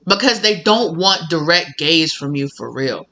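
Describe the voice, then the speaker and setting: A bright, sharp-toned tarot reader talking straight to viewers in a casual reading. The delivery is blunt and sassy, with free swearing and frequent laughs. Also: mid-range voice, animated, measured pace.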